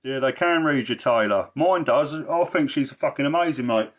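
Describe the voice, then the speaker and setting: Give me a man with an average-pitched voice on a casual livestream, blunt and emphatic and swearing heavily. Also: normal speed. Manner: rambling, repeats himself. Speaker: livestreamer and social care campaigner.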